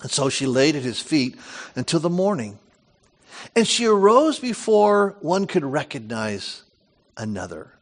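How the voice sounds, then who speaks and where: A middle-aged man preaching with a lively, swooping delivery. His voice sits a little high for a man. He reads scripture aloud and keeps stopping to explain it and tell stories in his own words. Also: unhurried. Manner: animated storytelling, reads scripture with lively asides. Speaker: pastor. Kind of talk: sermon.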